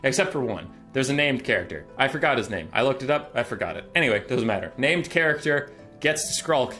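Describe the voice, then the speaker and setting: A man's voice: mid-range voice, lively intonation, brisk, sharp tone, faint music behind. A young man recapping game lore in an irreverent, sarcastic, comedic way. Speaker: video creator.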